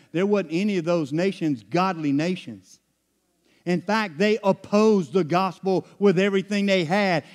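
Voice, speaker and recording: A middle-aged man, preaching a sermon as pastor, dropping to low murmurs and rising to loud, high climaxes.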